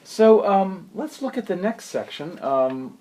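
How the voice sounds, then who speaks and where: A man giving a spoken piano lesson, unhurried and thoughtful, who sings rhythms and counts beats aloud. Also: high voice, big pitch swings, dark tone. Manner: unhurried, thoughtful, with many fillers. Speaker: piano teacher.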